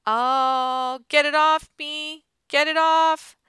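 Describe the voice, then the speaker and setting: A woman voicing a jittery boy who whines and panics in the dark. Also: high voice, fairly even intonation, drawn-out words, no room sound, clean studio sound, voice pushed up, heavily acted. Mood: panicked. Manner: whiny and panicky. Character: jittery complaining boy scared in a cave.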